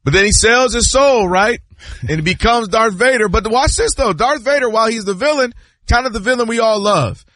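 A man debating basketball on a sports show, emphatic and lively, acting out players and fans as he argues. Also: very high voice, no room sound. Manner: emphatic, acts out players and fans in quick voices.

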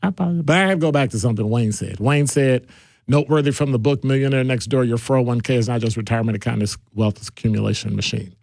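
A man hosting a radio talk show in a casual, animated way, with playful asides as he moves between topics. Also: mid-range voice, fast, vocal fry, dry recording, clean studio sound.

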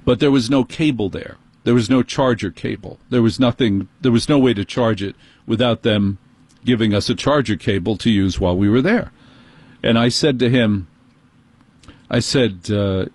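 Middle-aged New Yorker, husky voice, dry close sound, sarcastic indignant storyteller. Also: male voice, medium pitch, measured pace, pauses often, a little mellow, no echo. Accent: New York. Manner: exasperated, sarcastic, rant-like.

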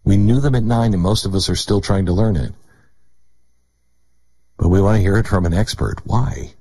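A man's voice: lowish voice, moderate pace, dark tone, slightly rough, poor audio. An American man hosting a talk radio show, rambling through sarcastic, mocking asides. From United States.

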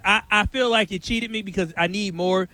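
A man co-hosting a sports radio show, giving an emphatic, animated critique in casual chat. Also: sits high, normal speed.

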